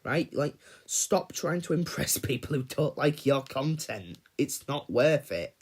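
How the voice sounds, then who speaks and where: A man holds forth on his livestream in a loose, ranting way. He swears freely and breaks off to greet viewers in chat. His voice sits at an ordinary middle pitch. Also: sing-song, a little slow, husky. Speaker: livestream host. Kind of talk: casual livestream rant.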